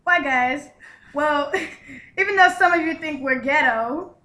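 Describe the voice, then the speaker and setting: A woman's voice: high-pitched, slow pace, bright, forceful tone. A young woman co-hosting a casual comedic vlog, talking bluntly with lots of profanity. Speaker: co-host. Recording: echoey room.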